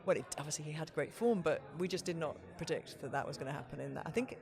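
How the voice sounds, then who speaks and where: A middle-aged woman broadcaster, a guest in a casual podcast interview, telling stories in a lively way with many "you know" fillers. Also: low voice, fast, creaky.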